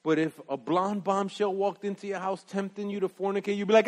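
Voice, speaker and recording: A male preacher delivers an animated, emphatic sermon in a high voice. He swings from loud exclamations to hushed asides. His voice rings with a long hall reverb. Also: fairly quick. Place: church sanctuary.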